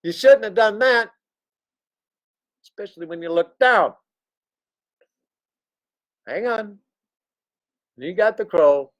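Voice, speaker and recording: A man's voice: high-pitched, expressive, takes it slowly, long pauses. A man hosting a livestream, telling a crude, joking story in a loose, digressive way. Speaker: livestream host. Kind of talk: rambling anecdotal storytelling.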